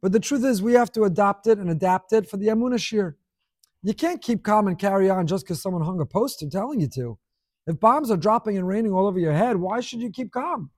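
A man giving a sermon to a room, animated, asking rhetorical questions and repeating phrases for emphasis. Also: high voice, brisk, dry recording, clean studio sound. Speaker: rabbi giving a class. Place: room with an audience.

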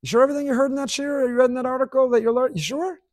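A man's voice: extremely high pitch, steady tone, racing, voice pushed up. A man voicing a sneering male tempter who needles with repeated doubting questions. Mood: taunting. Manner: needling, repetitive rhetorical questions.

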